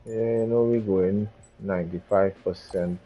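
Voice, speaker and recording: A man's voice: low voice, steady tone, measured pace, phone-quality sound, soft background music. A man hosting a gaming channel, giving laid-back commentary while he drives, muttering and repeating himself. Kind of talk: casual gameplay commentary.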